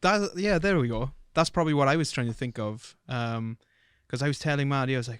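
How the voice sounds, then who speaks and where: A man's voice: mid-range voice, brisk, few pauses, fairly bright tone, clear, resonant tone, no echo, clean studio sound. Rambling, sweary Welsh man. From Wales. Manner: sweary, rambling, trails off and restarts. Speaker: podcast guest. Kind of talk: casual chat.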